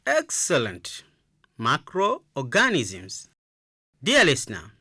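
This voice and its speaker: A woman teaching a radio lesson for children, slowly leading the listeners to repeat phrases after her. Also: sits low, very animated, sharp tone, studio quality. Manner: slow, encouraging, repeats phrases for listeners to echo.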